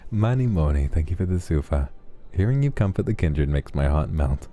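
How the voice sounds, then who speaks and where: Speaking right up against the microphone, this man streamer voices donation messages in a drowsy ASMR manner that is gentle, warm and relaxed. His pitch is extremely low and his pace moderate.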